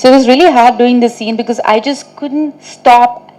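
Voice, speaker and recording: Woman, actress, press meet answers, chatty anecdotes, slightly high voice. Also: fairly even intonation, normal speed, a little mellow, rough recording. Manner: chatty, storytelling, frequent "like" and "you know"; laughs while telling funny anecdotes.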